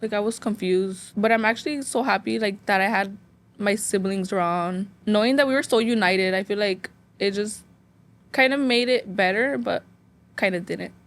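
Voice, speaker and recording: A young woman from Phoenix, appearing as a guest, rambles emotionally through a painful personal story, close to tears and using "like" constantly. Her voice is medium in pitch at a moderate pace.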